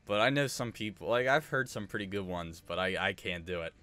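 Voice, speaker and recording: Bright, chatty male gamer. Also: fairly low pitch, lively intonation, a little fast, smooth. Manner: chatty, talks to viewers while playing. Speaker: gaming video host. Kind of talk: casual gameplay commentary.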